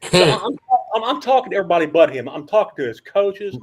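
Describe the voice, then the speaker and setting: An older man, a veteran sports writer, telling animated anecdotes as a guest, with stammering restarts and a husky voice. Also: high voice, fast. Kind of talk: animated storytelling.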